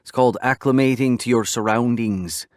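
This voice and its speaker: A man's voice: medium pitch, moderate pace, darkish tone, dry recording, studio quality, close to an everyday voice. A man voicing a cocky, teasing Scottish-born biker with a light Scottish accent and a playful, sing-song way of taunting.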